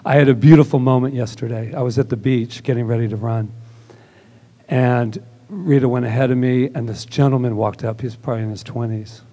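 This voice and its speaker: A man's voice: medium pitch, a little fast, dark tone. A man giving a casual, conversational sermon at a church service, telling stories and acting out the dialogue. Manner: casual and chatty, acts out quoted dialogue. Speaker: minister.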